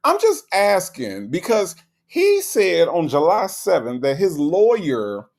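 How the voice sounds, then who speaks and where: Animated man hosting a live stream. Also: high voice, slow. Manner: animated, rhetorical questions, repeats himself; slangy, conversational. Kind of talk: casual live commentary reading chat.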